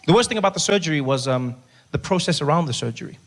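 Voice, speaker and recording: Animated male comedian. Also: on the high side, quick pace, hardly any pauses. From South Africa. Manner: animated, acts out voices, drops to a hush for effect. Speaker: stand-up comedian. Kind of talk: stand-up storytelling.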